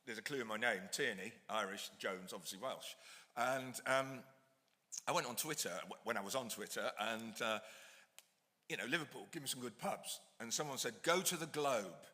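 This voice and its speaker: A middle-aged man with a bright, forward voice tells meandering stories in a chatty, self-mocking way, then reads aloud from his book. The sound rings with the long reverb of a hall, as at a public talk. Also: medium pitch, normal speed. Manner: digressive, chatty, self-deprecating. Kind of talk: casual anecdote, then reading aloud. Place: lecture hall at an ideas festival.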